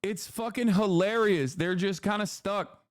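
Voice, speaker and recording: A man's voice: high voice, unhurried, no room sound, clean studio sound. Profane, sarcastic male political streamer. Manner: profane, sarcastic, mocking impressions. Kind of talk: live-stream reaction commentary.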